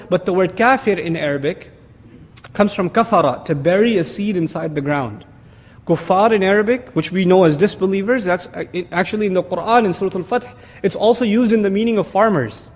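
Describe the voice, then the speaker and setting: A man giving an explanatory religious lecture as a teacher, animated and emphatic, with sarcastic asides. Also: sits high, in a large hall. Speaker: Quran teacher.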